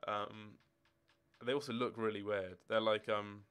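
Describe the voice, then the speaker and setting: A young man of eighteen talks casually on a game stream, wandering from one answer to the next. His voice sits a little low and sounds smooth and clean. He is from Scotland. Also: level tone, measured pace, a bit bright. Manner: rambling, chatty, answering chat questions as they come. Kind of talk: casual live-stream chat. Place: home room with football shirts and drawers.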